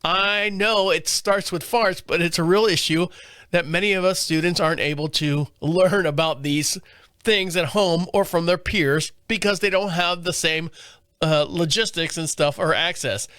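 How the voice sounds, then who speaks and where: A high-voiced man hosts a comedy podcast, reading a story aloud and often breaking into laughter. He stumbles over his words and restarts, and the recording is dry and close, with no room sound. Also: normal speed, fairly bright tone, dry recording. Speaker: podcast host. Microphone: studio multi-camera setup.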